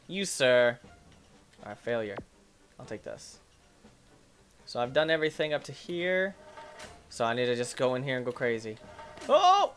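A man hosting a gaming channel, giving playful, excitable let's-play commentary and talking back to the enemies on screen. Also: medium pitch, normal speed, pauses often.

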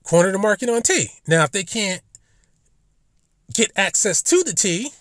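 A man's voice: sits high, big pitch swings, normal speed, a bit bright, no echo. Man with a dry, close sound. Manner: rambling, profane, acts out imagined dialogue. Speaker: live audio room speaker. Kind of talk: casual profane monologue. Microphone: phone or headset in an online audio room.

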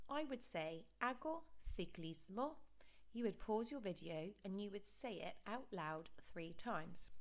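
Slow, careful woman language teacher. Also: mid-range voice. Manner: slow, careful pronunciation drills. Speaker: Spanish teacher. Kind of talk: recorded online lesson.

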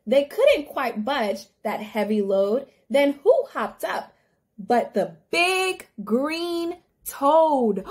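A woman's voice: high voice, very animated, extremely slow. Speech therapist lady reading to little kids, sing-song, gasps, swoops way up and down. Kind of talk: reading a picture book aloud to toddlers.

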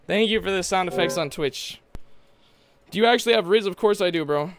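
A young man streaming a horror game live, chatting with his viewers and yelling whenever he gets scared. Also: high voice, a little fast. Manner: loud, jumpy, yelling at scares, chatting to chat.

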